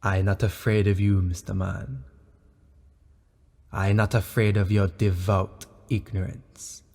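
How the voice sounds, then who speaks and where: A man's voice: fairly low pitch, flat delivery, slow pace, creaky, darkish tone, in a large hall, heavily acted. A man playing a defiant stranger who speaks to Mister Man in broken English, with a solemn spoken-word delivery, heard in a film clip.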